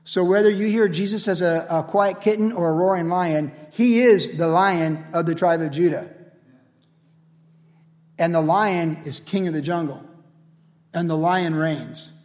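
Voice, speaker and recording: A man preaching a sermon as pastor, energetic and casual, building repeated refrains. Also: on the high side, measured pace. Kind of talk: radio sermon. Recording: long hall reverb.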